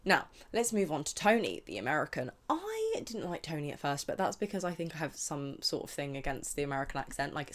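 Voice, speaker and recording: A young woman with a low-pitched voice chats loosely into her podcast mic. She rants bluntly, with plenty of slang and animated swings between loud outbursts and muttered asides. She sounds loose and chatty after a boozy brunch. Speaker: podcast host. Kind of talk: casual chat.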